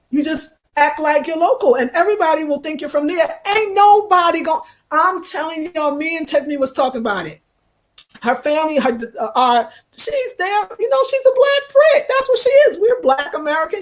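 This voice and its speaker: Reading out viewer comments on her live stream, a New York-accented travel vlogger keeps the chat casual, lively and expressive. She has a high voice.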